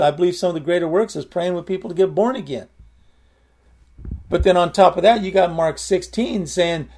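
Give me a man with a somewhat high voice, preaching informally and rambling through a story. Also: brisk, darkish tone. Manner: rambling, repeats words while storytelling.

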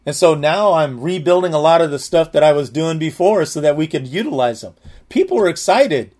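Man, slightly higher voice, candid and earnest, telling a personal testimony. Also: animated, brisk, a little mellow.

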